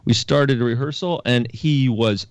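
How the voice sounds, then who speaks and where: A man's voice: medium pitch, normal speed, clear, resonant tone, no room sound, clean studio sound. A man on a panel, telling stories in a matter-of-fact way. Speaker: panel guest. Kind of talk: casual panel chat.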